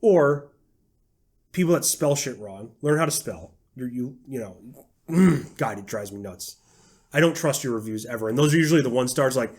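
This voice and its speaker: A man's voice: mid-range voice, expressive, moderate pace, a little mellow. A young man co-hosting a casual podcast, ranting sarcastically and swearing freely. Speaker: podcast co-host. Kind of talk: casual chat.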